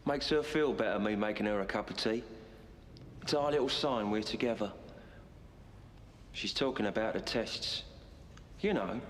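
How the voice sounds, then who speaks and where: A man telling a comic first-person story in a rambling, deadpan, confiding way. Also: mid-range voice, slight background noise.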